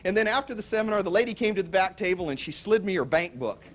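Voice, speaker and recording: A man giving a motivational real estate seminar pitch to a live audience, telling stories and acting out both sides of the dialogue. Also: fast. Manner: animated storytelling, acts out both sides of dialogue. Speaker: seminar speaker.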